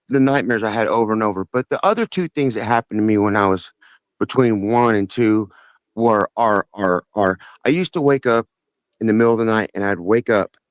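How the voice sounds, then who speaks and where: The man calling in spins a long personal story for the talk show, earnest and rambling, frequently starting over. His pitch is medium, and the recording has no room sound.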